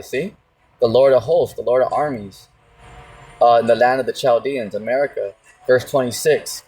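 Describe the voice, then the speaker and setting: A man teaching the Bible in a casual, slangy way, peppering his talk with "see?" and "you know?" and slowing right down to read verses aloud. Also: mid-range voice, a little mellow, slightly rough. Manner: slow, drawn-out emphasis when reading scripture verses. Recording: mic at a distance with faint music behind.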